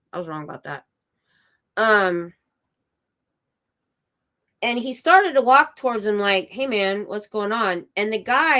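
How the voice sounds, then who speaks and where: A woman's voice: medium pitch, fairly bright tone. A woman hosting a casual home livestream, telling a long story that wanders and breaks off to check details with her husband. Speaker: livestream host.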